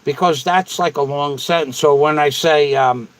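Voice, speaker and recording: A man's voice: on the high side, moderate pace, clean tone, rough recording. A man hosting a casual livestream, rambling and repeating himself as he answers viewers. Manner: rambling and repetitive. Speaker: livestream host.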